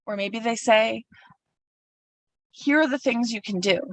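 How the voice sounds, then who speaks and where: A woman preaches a thoughtful sermon in a slightly high voice, naming her feelings one by one. The sound is dry, with no room echo, and she stands a little back from the microphone. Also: unhurried, recorded from a distance. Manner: reflective, acts out her own feelings aloud. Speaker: minister.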